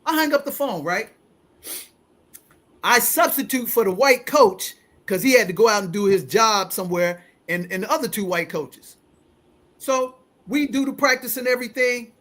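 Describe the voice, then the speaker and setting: A man in his forties hosting a casual talk show, telling a story in an animated way and acting out the people in it. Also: high-pitched, normal speed. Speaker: host.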